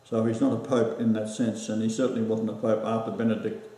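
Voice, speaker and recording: Australian male host, mellow voice, rambling with lots of fillers, set back from the mic in a very echoey room. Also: fairly low pitch, flat delivery, distant mic. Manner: rambling, halting with many fillers. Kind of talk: casual chat.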